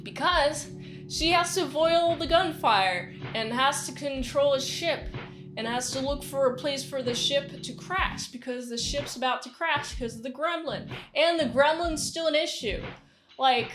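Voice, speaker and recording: A woman casually recapping a movie in a rambling, excitable way, giggling now and then. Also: high-pitched. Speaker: movie reviewer.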